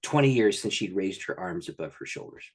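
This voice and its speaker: A pastor, a man, telling a story as a guest in an interview, in an animated and excited way. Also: deep voice, a little fast, breathy edge.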